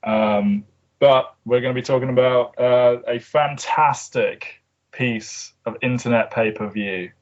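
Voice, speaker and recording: A man's voice: medium pitch, a little slow. An English man hosting a podcast in casual chat, with a dry, sarcastic way of joking. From England. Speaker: podcast host. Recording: dull lo-fi recording.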